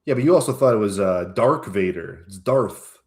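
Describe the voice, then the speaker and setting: A man's voice: fairly low pitch, lively intonation, normal speed. A man co-hosting a comedy talk show, chuckling a lot and hesitating with fillers as he trades banter. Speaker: returning co-host.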